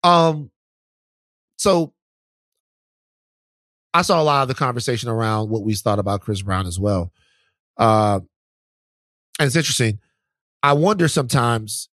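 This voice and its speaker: A man's voice: fairly low pitch, no room sound. A man co-hosting a podcast, talking casually and teasing his co-host in disbelief. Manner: animated, incredulous teasing.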